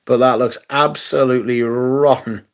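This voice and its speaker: A man's voice: mid-range voice, fairly even intonation, moderate pace. A man hosting a livestream, reading viewer comments aloud in a sardonic, sweary casual chat.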